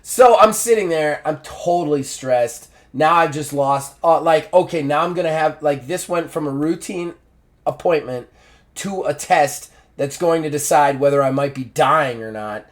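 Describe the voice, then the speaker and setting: A man hosting a podcast, telling a story in a casual, animated way, swearing and acting out the dialogue. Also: fairly high pitch, normal speed. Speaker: podcast host.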